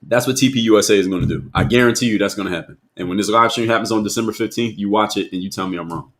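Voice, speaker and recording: A man's voice: fairly low pitch, racing, a bit bright. A man hosting a live stream, talking straight to his chat in an emphatic way, repeating his points and asking viewers questions.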